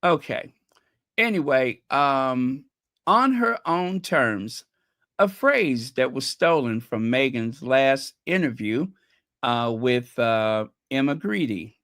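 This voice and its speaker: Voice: mid-range voice, lively intonation, slow, fairly bright tone, no room sound, studio quality. A channel host chatting casually with viewers, teasing and gossipy, often trailing off while searching for names and laughing at their own jokes. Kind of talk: casual livestream chat.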